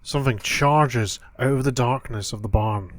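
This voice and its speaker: A man narrating a children's adventure story in a calm, steady way. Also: mid-range voice, moderate pace, noisy background.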